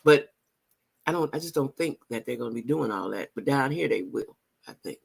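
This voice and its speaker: A woman's voice: very deep voice, expressive, fairly quick, vocal fry, slightly rough. A middle-aged woman talking straight to viewers in a casual vlog. She is emphatic and repeats phrases for emphasis. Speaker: vlogger.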